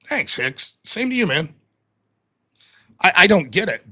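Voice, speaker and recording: A man's voice: fairly high pitch, breathy edge. A man hosting a live call-in stream, talking casually and animatedly, often sounding exasperated and mocking. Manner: animated, exasperated, quick to mock. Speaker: livestream host.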